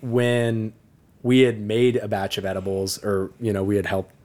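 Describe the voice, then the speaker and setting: A man's voice: fairly low pitch, moderate pace. Laughing, profane young man telling stories. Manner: profane, animated storyteller who laughs often. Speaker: podcast co-host. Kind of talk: casual storytelling chat.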